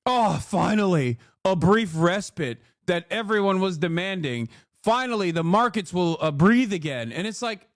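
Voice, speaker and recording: A man's voice: very high-pitched, animated, moderate pace, no echo, studio quality. A man streaming political reaction commentary, ranting emphatically with exasperation and swearing.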